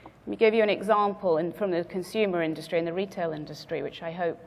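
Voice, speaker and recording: A woman speaker giving a measured business presentation to a conference audience, stressing her key words. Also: lowish voice, fairly even intonation, in a large hall. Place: conference venue.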